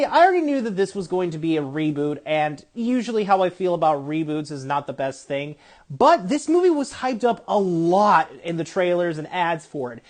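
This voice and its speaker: A movie reviewer talking in a casual monologue, rambling and correcting themself often. They jump between loud, hyped-up lines and quiet muttered asides, and joke at their own expense. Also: medium pitch.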